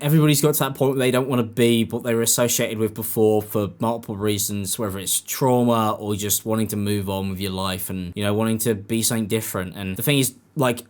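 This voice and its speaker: A man giving sarcastic commentary, mocking and animated, often jumping into high-pitched impressions. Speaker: commentary YouTuber.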